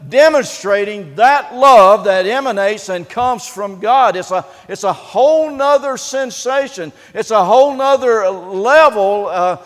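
High-voiced preacher in an echoing hall. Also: male voice. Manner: earnest, halting, with frequent "uh" fillers and restarts. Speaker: pastor. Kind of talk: sermon.

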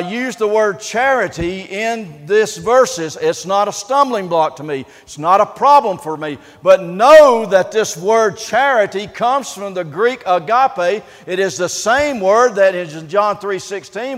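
A pastor preaching a sermon in an earnest, halting way, often pausing on "uh" and restarting his sentences. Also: high-pitched, long reverb tail.

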